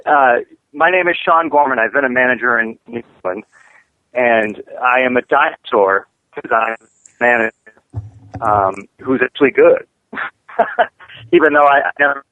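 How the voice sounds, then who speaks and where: A man's voice: medium pitch, normal speed, pauses often. Male phone-in guest, wisecracking and self-mocking, thin tinny phone sound. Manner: joking, self-deprecating, swears freely. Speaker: wrestling manager, guest. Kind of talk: casual phone-in interview.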